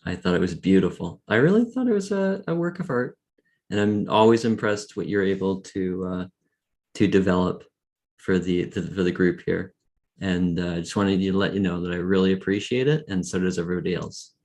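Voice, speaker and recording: Deep-voiced man on a call. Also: steady tone, fairly quick, darkish tone. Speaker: discussion group participant. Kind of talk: casual group chat.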